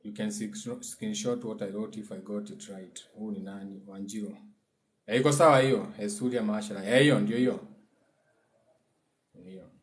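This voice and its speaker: This spiritual teacher, a man with a Kenyan accent, has a lowish voice and a steady tone. During an informal livestream lesson he explains things in a relaxed, conversational way, occasionally chanting phrases slowly.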